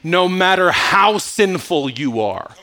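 Pastor, male, animated sermon delivery, bright lively voice, shifts from shouting to near-whispers. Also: high-pitched, takes it slowly, slight background noise.

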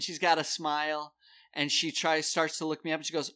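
A man with a bright, forceful voice tells a story in a relaxed, chatty way. He jumps into the voices of the people he is quoting. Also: fairly high pitch, a little fast, clear, resonant tone. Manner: animated storyteller, acts out quoted people. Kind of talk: casual storytelling chat.

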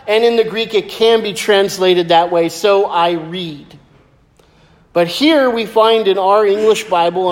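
A man preaching a sermon as pastor, lively and joking as he tells stories. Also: sits high. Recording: echoey hall with long reverb.

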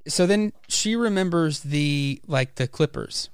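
A man's voice: on the high side, expressive, unhurried, smooth, no echo, studio quality. A man hosting a casual podcast about comics, animatedly retelling scenes and acting out the characters' lines. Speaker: podcast host. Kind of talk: casual comic book discussion.

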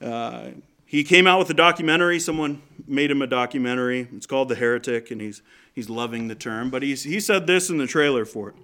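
Casting: man, slightly high, bright clear tone, conversational church sermon with questions to the room. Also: brisk. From Canada. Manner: conversational, asks the congregation questions. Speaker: preacher.

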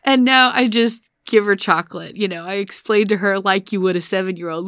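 A woman's voice: medium pitch, a little fast, fairly bright tone, dry recording, studio quality. A woman therapist speaking casually about her own parts work, chatty and self-deprecating, often laughing as she talks. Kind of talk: casual personal podcast monologue.

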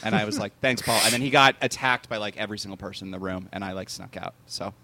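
A man's voice: lowish voice, flat delivery, quick pace, pushed and bright. A young man chatting casually as a podcast co-host, telling rambling anecdotes full of fillers and restarts. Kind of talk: casual chat.

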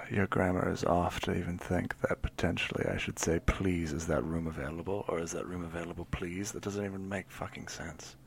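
Male player in tabletop role-play, very deep gravelly voice, dry sarcasm. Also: steady tone, brisk, few pauses, slight background noise.

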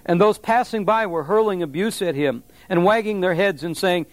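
A man preaching a sermon in a conversational, animated way, with asides to the congregation. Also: sits high, normal speed, hardly any pauses, no room sound. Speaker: pastor.

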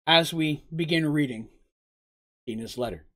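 A storyteller reading a fantasy story aloud with expressive delivery, sometimes turning aside to talk to listeners directly. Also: medium pitch, moderate pace, long pauses.

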